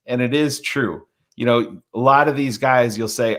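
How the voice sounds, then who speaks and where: A man's voice: medium pitch, moderate pace, few pauses. Blunt, cursing male sports podcaster. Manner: blunt, swears freely, acts out quoted people. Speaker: podcast co-host. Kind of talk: casual sports talk.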